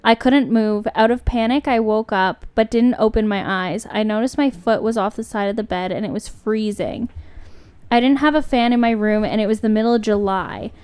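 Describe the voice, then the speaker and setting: A young woman with a smooth, clean voice co-hosts a podcast. She chats easily and laughs often, then reads a story aloud at an even, unhurried pace. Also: on the high side. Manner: chatty, laughs easily, reads with slow steady pacing. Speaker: podcast co-host. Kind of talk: casual chat and reading stories aloud.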